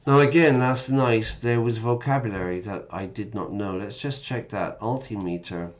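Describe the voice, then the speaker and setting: A man's voice: medium pitch, fairly even intonation, normal speed, lo-fi sound. A man reading game text aloud and patiently explaining words to English learners, often checking in with listeners. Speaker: English teacher streaming a game.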